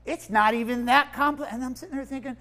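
Speaking quickly in a high voice, a preacher delivers a conversational, animated sermon. He moves between soft asides and emphatic outbursts while teaching word meanings and asking the audience questions.

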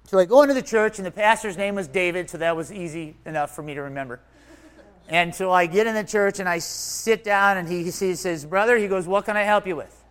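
Animated man preaching a testimony. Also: high voice, brisk, smooth. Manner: animated storytelling, swings from loud to hushed; acts out his own quoted thoughts. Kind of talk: sermon testimony.

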